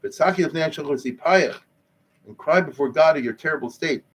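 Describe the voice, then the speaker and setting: A male rabbi teaching Jewish history in a lively, conversational lecture, explaining Hebrew terms as he goes. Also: a little high, fairly quick, breathy edge.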